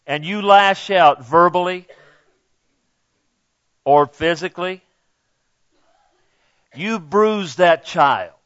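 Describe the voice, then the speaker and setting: A man's voice: fairly high pitch, fairly bright tone, dry recording, highs cut off. A middle-aged male pastor preaching a sermon in a conversational way, often checking in with "okay?".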